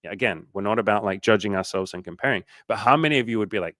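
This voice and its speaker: Lowish-voiced, profane man coaching on a livestream. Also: racing, dry recording, studio quality. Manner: energetic, profane, pep-talk delivery. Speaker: dating coach. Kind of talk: casual livestream chat.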